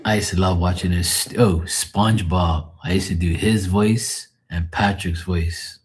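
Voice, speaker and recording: Low husky man chatting profanely. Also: fairly even intonation, unhurried. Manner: profane, storytelling, chuckling. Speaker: live streamer. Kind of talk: casual rambling chat.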